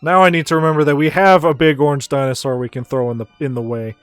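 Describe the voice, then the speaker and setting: A man's voice: on the high side, fairly even intonation, fast talker, clean tone, no echo, soft background music. A man streaming a video game, commenting in an offhand, joking way and swearing casually.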